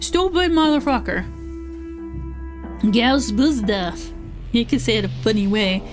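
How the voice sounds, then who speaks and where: A woman's voice: fairly high pitch, big pitch swings, a little fast. A young woman streaming, chatting casually, swearing freely and reading chat aloud. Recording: faint music behind.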